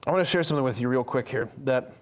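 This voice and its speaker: A man's voice: mid-range voice, very fast. A man giving an earnest, conversational sermon to men, with frequent fillers and restarts.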